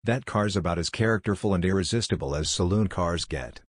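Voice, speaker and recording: A man giving a scripted car review voice-over in an even, measured reading. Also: sits low, no echo, clean studio sound.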